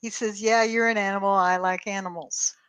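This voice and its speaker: A woman's voice: mid-range voice, fairly even intonation, brisk, fairly bright tone, clean tone, dry recording. A woman telling a long story on a call show, acting out both sides of the dialogue and swearing freely. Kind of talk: casual storytelling chat.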